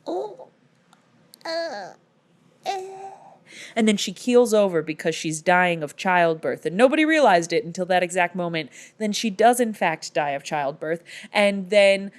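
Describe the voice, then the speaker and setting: A woman's voice: lowish voice, lively intonation, moderate pace, few pauses. Sarcastic woman recapping a movie. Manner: sarcastic, jokey storytelling. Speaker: vlogger. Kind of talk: casual movie recap commentary.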